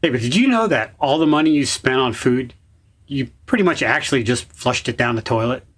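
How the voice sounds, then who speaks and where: A man's voice: mid-range voice, expressive, brisk, a bit bright. A man telling corny jokes in an upbeat, playful comedy bit.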